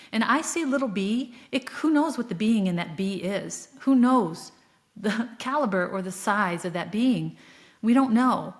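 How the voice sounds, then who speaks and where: A woman talking alone on her podcast, her voice sitting at an ordinary middle pitch. She tells a personal spiritual story in an earnest, reflective way, often pausing on fillers and breaking into soft laughs. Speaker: podcast host.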